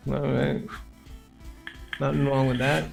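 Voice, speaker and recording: A man's voice: mid-range voice, level tone, slow, gravelly, faint music behind. A man co-hosting a live stream in casual chat, rambling and swearing freely, affectionate toward his friends.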